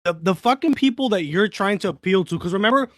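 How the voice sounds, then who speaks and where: A man's voice: sits high, lively intonation, fast talker, a bit bright, no room sound, clean studio sound. A man co-hosting a casual podcast chat, rambling with lots of filler words. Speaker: podcast co-host.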